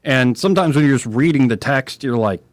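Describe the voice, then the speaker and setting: A man with a Southern accent hosting a talk radio show, speaking in a relaxed, conversational way and reading scripture slowly. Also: medium pitch, no echo, clean studio sound.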